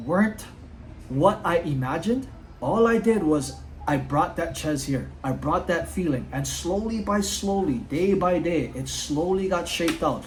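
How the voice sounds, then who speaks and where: A man's voice: high voice, a little mellow, a little hiss or hum, low-quality recording. A man giving an earnest, casual motivational talk outdoors at home, often saying "dude" and "like". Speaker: motivational vlogger.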